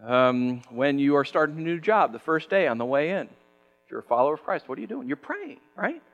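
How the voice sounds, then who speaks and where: A man preaching a sermon as pastor, conversational and animated, acting out quick quoted voices. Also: a little high, gravelly, highs cut off, faint music behind.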